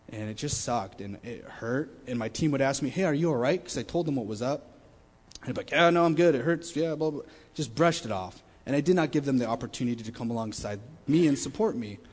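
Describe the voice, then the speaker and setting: A young man sharing a personal testimony at a student meeting, candid and emotional, often dropping to a quiet low voice. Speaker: student speaker. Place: large meeting room. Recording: long reverb of a meeting hall.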